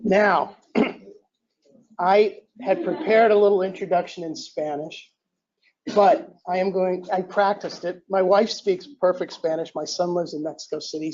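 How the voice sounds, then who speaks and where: An older invited lecturer with a somewhat high voice gives an academic lecture at a handheld or podium mic in a lecture hall. He's relaxed and self-deprecating, clearing his throat often and restarting sentences, and the recording sounds dull and lo-fi.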